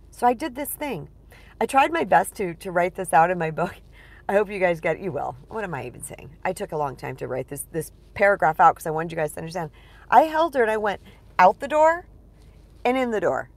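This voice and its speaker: Woman coach on a livestream, slightly low voice, chatty and digressive, animated storyteller. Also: moderate pace. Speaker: relationship coach. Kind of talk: casual livestream talk.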